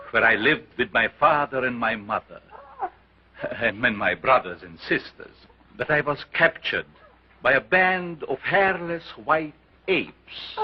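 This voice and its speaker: An actor playing a sinister, pompous mad scientist who lectures a carnival crowd in theatrical 1930s film style. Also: male voice, mid-range voice, a little hiss or hum. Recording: dull 1930s film soundtrack.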